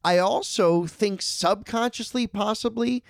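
A man's voice: high voice, unhurried, vocal fry, no echo, clean studio sound. A man co-hosting a podcast in casual chat, talking bluntly and candidly, with jokes and occasional swearing. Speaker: podcast co-host.

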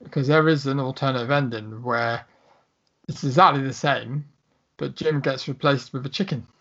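Sweary, gravelly man chatting films. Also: medium pitch, normal speed, a bit bright, dull audio. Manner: sweary, blunt, jokey. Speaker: podcast co-host. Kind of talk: casual film chat.

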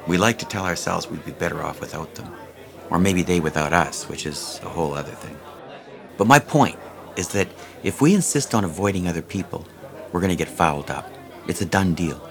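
Low-voiced male narrator for a self-help read; plainspoken, wry, a bit salty. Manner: candid, wry, conversational, with casual swearing. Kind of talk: first-person audiobook narration.

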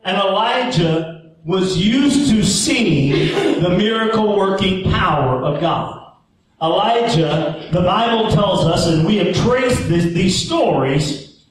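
A man's voice: high-pitched, animated, takes it slowly, a little hiss or hum. A male pastor preaching a sermon, leading the congregation in call-and-response. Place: church sanctuary. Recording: echoey church sound from far off.

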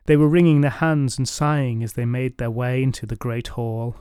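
A man's voice: mid-range voice, fairly even intonation, moderate pace, dark tone, clear, resonant tone, no echo. Wry male storyteller, dry close sound. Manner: wry, dryly humorous. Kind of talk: scripted narration.

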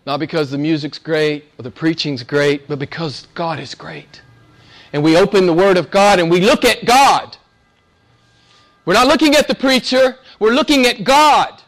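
Southern preacher guy, high voice, gets loud then drops real quiet. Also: moderate pace. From Southern United States. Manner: impassioned, swings from loud to hushed. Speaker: pastor. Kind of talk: sermon.

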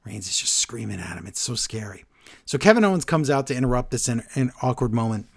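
A man co-hosting a casual talk show, recapping events in an animated way and acting out the quotes he retells. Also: fast, gravelly, slightly rough. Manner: animated, acts out quotes with shifting pitch and loudness. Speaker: podcast co-host recapping wrestling. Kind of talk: casual chat.

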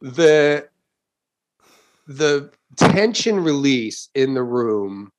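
A middle-aged man, a stand-up comedian, tells a long story in a loose, casual chat. He swears freely and leaps into bits of the crowd's reactions. His voice sits at an ordinary pitch for a man. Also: extremely slow. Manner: animated, swears often, acts out crowd reactions.

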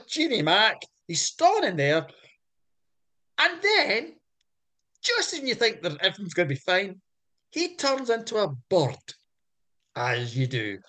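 A man, co-hosting a podcast and retelling folk tales in a playful, animated way with jokey asides. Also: sits high, unhurried, long pauses. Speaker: podcast co-host. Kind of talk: comic storytelling chat.

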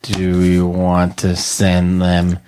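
A man's voice: deep voice, monotone, drawn-out words, dark tone, slight background noise. A man co-hosting a podcast, chatting casually and laughing through joking banter. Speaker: podcast co-host. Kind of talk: casual chat.

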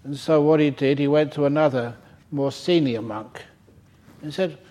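In a retreat centre hall, an older Buddhist monk delivers a funny dharma talk, poking fun and chuckling at his own tales. He speaks at a normal speed in a slightly high voice with a dark tone.

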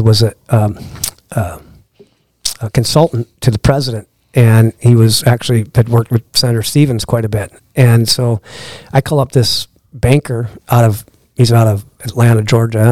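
A man's voice: mid-range voice, dry recording. A middle-aged man, a podcast guest, telling a long anecdote in a casual way and acting out the dialogue of the people in it. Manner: lively anecdote-teller who acts out quoted dialogue. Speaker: podcast guest, lodge owner. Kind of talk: casual storytelling.

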